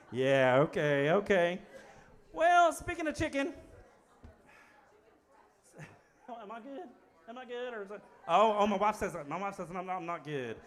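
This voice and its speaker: A man's voice: high voice, lively intonation, normal speed, pauses often, a bit bright. A man appearing as a guest in a coffee shop, telling jokes and laughing at his own lines. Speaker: guest performer. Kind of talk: stand-up style joking.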